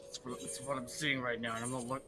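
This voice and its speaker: A laid-back man from Australia chatting during a game stream, swearing casually. His voice sits at an ordinary middle pitch, with game music clearly audible behind him. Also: level tone, fast. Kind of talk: casual chat over gameplay.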